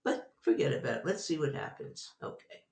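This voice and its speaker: An older woman, a psychologist being interviewed, telling a personal story in an animated way and laughing often. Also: rumbling low, fairly quick, roomy sound, recorded from a distance. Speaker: guest, psychologist.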